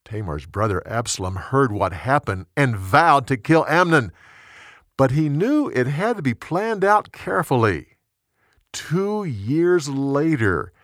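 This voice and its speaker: A man's voice: medium pitch, no room sound, studio quality. A man telling a Bible story dramatically and shifting his voice for each character. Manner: expressive, animated character voices.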